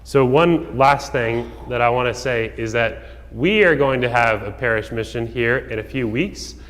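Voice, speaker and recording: A man, a priest, giving a homily in a relaxed storytelling way, with casual asides and fillers. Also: mid-range voice, moderate pace. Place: church. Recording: long church reverb.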